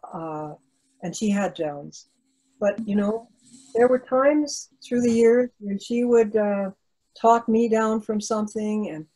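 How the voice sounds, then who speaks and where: A woman's voice: mid-range voice, darkish tone, low-quality recording. An older woman author answering interview questions over a video call, talking in an earnest, reflective way with frequent restarts.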